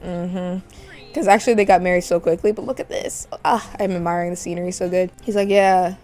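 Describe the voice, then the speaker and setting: A woman's voice: on the low side, fairly even intonation, brisk, darkish tone, soft background music. A woman chatting playfully through a life-sim game let's play, giggling often. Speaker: gaming channel host.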